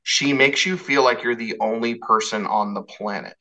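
Bright-voiced man hosting, rambling. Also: mid-range voice, normal speed, poor audio. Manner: rambling, casual, swears, restarts a lot. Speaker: podcast host. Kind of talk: casual interview chat.

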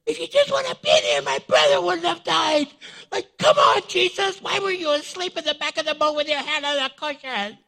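A man voicing a grieving, frantic woman who pleads with Jesus in a shrill falsetto. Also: very animated, moderate pace, creaky, bright, forceful tone, full character voice. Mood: pleading.

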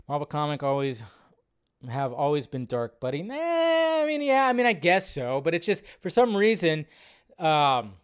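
A man with a somewhat high-pitched voice hosts a live stream and talks in a loose, rambling way. He breaks into loud, animated reactions now and then before drifting back to easygoing chat. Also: normal speed, clear, resonant tone. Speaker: livestream host. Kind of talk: casual livestream chat.

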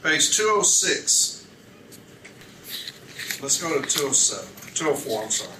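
A man's voice: on the high side, sing-song, unhurried. A man acting as a union advocate at an arbitration hearing, questioning a witness methodically and reading documents aloud. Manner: methodical, reads documents aloud, corrects page numbers. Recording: echoey room, distant mic, background noise.

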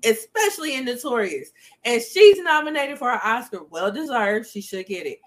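A woman's voice: a little high, very animated, moderate pace. A woman hosting a casual podcast, speaking frankly with many ums and frequent laughter. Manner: chatty, frank, laughs often, filler ums. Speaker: podcast host. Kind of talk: casual chat.

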